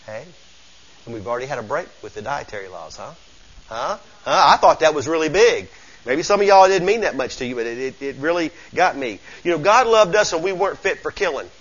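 A Southern man preaches in a folksy, emphatic way, calling out "come on now" to his congregation. His voice sits high and sounds bright and forward. The recording is muffled and lo-fi. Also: expressive, brisk. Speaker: pastor. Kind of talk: sermon.

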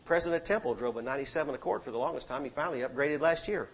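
A man preaching a sermon, exhorting the congregation and rising to loud peaks. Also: medium pitch, very fast, slight background noise. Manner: exhorting, swings to shouting peaks.

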